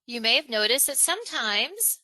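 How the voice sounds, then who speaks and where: Lively woman running a zoom webinar, bright and a bit high, dry close mic. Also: normal speed, no room sound, poor audio. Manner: energetic, emphatic, varies tone and pace on purpose. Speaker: webinar presenter. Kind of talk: online presentation training.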